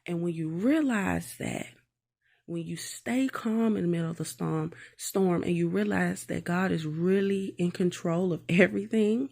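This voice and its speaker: A woman reads scripture aloud, then reflects on it from her own life. Her voice sits somewhat low and carries a gravelly edge. She is earnest and reflective, checking in with the viewer as she talks. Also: unhurried, darkish tone. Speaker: mother sharing devotional reflections. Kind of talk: Bible reading and personal testimony.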